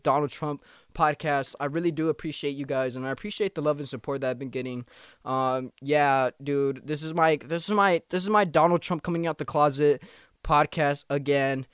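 A man in his early twenties rambles through a solo podcast in loose slang, swearing and joking as he goes. His voice is smooth and resonant, recorded close and dry. He sounds tired, as if short on sleep. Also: a little high, dry recording. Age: 20s. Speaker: podcast host. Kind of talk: casual podcast monologue.

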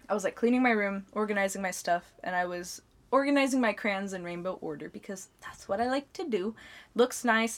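A young woman co-hosting a podcast, telling stories in a loose, rambling way full of "like.". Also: mid-range voice. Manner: rambling storyteller, heavy on filler "like". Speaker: podcast co-host. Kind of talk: casual podcast chat.

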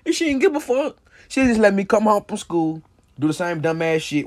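A young man with a high voice holds forth on his own podcast. He talks bluntly, heated and insistent, swearing freely and tossing in "bro" and "you feel me" to drive each point home. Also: big pitch swings, brisk. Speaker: podcast host. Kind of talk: casual solo podcast rant.

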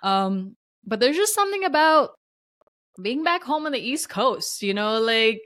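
A woman's voice: on the high side, animated, a little slow, no echo. A woman from New Jersey hosting her own podcast, reflecting in a casual, rambling way with frequent laughs. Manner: chatty and warm-hearted, laughs often, loose filler-heavy rambling. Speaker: podcast host.

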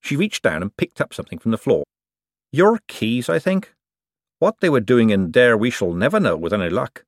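Lively male audiobook narrator. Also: on the low side, fast talker, hardly any pauses, dry recording, studio quality. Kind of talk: scripted narration.

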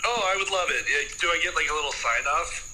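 A man's voice: fairly high pitch, quick pace, crowd noise. A man joining a podcast as a remote guest over a phone call, easygoing and playful. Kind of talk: casual chat. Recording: noisy phone line.

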